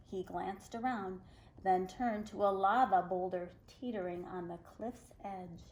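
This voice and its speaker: Woman, children's storyteller, folktale reading, expressive, unhurried. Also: medium pitch, low-quality recording.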